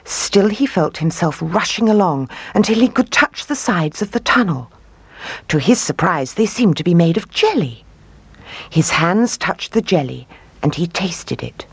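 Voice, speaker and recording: Low, husky woman reading a fairy tale. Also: dry recording. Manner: expressive, rising on key words. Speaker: storyteller. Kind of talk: storybook reading aloud.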